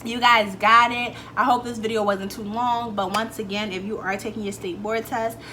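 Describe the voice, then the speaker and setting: Young woman vlogger, bright and slightly high voice, chatty storyteller, faint background ambience. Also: moderate pace, a little hiss or hum. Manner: chatty, animated, swears freely, acts out quotes. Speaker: beauty vlogger. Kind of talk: casual storytelling vlog.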